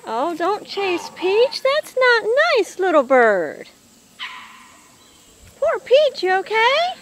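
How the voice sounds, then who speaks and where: A woman's voice: very high voice, big pitch swings, slow pace. A woman filming her pet chickens and talking to them in a coaxing, sing-song pet voice on a handheld camera mic. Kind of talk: casual home video talk to animals. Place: chicken coop, outdoors. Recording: noisy farmyard with clucking chickens.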